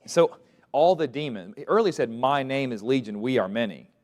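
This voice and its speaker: A man's voice: medium pitch, lively intonation, normal speed, darkish tone. A man teaching a Bible lesson to a class, asking questions and letting them fill in the answers. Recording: long reverb of a large room.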